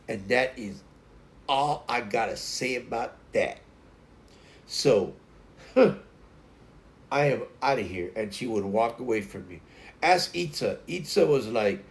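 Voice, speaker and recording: A man's voice: medium pitch, expressive, takes it slowly, gravelly, long pauses. A man hosting a casual livestream from home, rambling loosely and talking to his dogs. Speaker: host.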